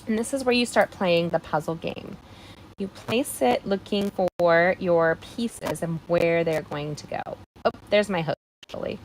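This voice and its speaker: Woman host, casual crafting live stream, playful and chatty, slight vocal fry. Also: fairly low pitch, a little slow, a little hiss or hum, low-quality recording. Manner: chatty, playful, talks to viewers by name. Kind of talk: live card-making demonstration.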